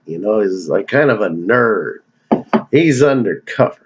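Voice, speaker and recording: A man's voice: on the low side, animated, unhurried, muffled recording. A man giving a casual, rambling movie countdown, joking and cursing as he goes off on tangents. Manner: digressive, profane, joking. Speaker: movie review vlogger.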